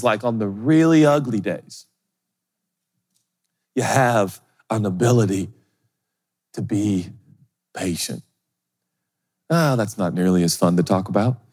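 A man's voice: lowish voice, husky, long reverb tail. A middle-aged male pastor preaching a sermon, funny and self-deprecating, often acting out other people's voices. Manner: animated, humorous, acts out quoted voices.

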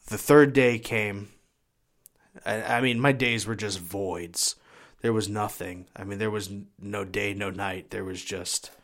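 Earnest man telling his story haltingly. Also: fairly low pitch, fairly bright tone. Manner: earnest, halting, repeats words. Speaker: guest sharing his life story. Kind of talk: personal testimony.

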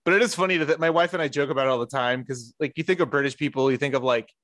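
A man's voice: mid-range voice, rapid-fire, a bit bright, dry recording, studio quality. A man co-hosting a podcast, chatting casually and laughing through his rambling asides. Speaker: podcast co-host. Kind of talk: casual chat.

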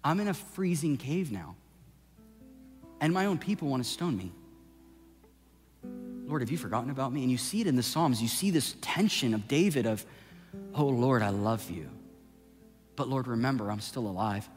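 A male pastor preaching a sermon, swinging from impassioned shouting down to a hushed, intimate delivery. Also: medium pitch, expressive, normal speed, pauses often. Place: church sanctuary. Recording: long hall reverb with soft music behind.

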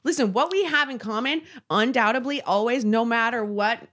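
A woman's voice: on the high side, normal speed, a bit bright. A woman guest on a podcast telling a story in candid, casual chat, swearing and laughing as she goes.

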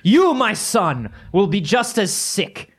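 A man's voice: high-pitched, big pitch swings, slow, voice pushed up, full character voice. A man voicing a pompous old family patriarch, speaking in a grandiose, mock-solemn way.

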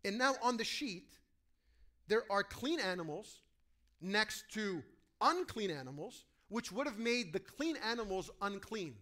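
A man preaching a sermon to a congregation, animated, acting out quoted voices and asking his listeners questions. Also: high voice, measured pace. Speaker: pastor.

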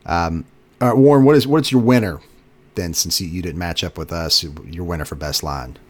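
A man's voice: low-pitched, normal speed. A man co-hosting a movie podcast, leading the segments in casual chat and laughing easily. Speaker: podcast co-host.

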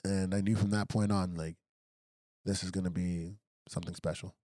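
A man's voice: low-pitched, flat delivery, moderate pace, warm tone, dry recording, clean studio sound. A young adult man, a professional fighter, telling stories in a casual interview and acting out quoted lines with animation. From United States, raised by Congolese immigrant parents.

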